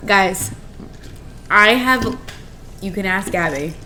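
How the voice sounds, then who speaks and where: A young woman guesting on a casual podcast, laughing easily and blunt about what she likes. Her pitch is medium for a woman. A faint hiss of noise sits under the recording. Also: lively intonation, slow, sharp tone. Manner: giggly, blunt opinions.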